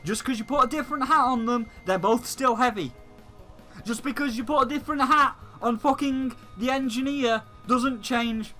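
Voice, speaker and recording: This gaming-channel host has an extremely high, sharp voice and talks at normal speed, with faint music behind him on a low-quality recording. He delivers a heated, profane rant about a video game, repeating the same complaints again and again.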